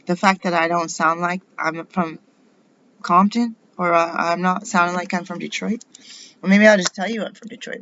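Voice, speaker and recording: A woman's voice: lowish voice, fairly bright tone, lo-fi sound, slight background noise. A middle-aged woman from the United States in a rambling personal monologue, indignant and full of rhetorical questions. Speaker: vlogger.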